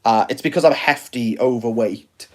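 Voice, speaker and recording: A man's voice: medium pitch, moderate pace. A man with a Welsh accent chatting casually on a phone livestream from home, rambling and joking at his own expense. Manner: rambling, self-mocking and jokey. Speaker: book reviewer livestreaming.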